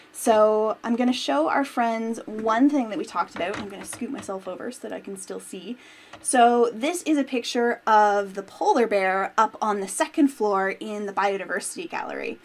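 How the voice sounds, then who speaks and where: A woman with a fairly high voice works as a museum teacher, leading a children's storytime and lesson. She's upbeat and friendly, speaking directly to the kids.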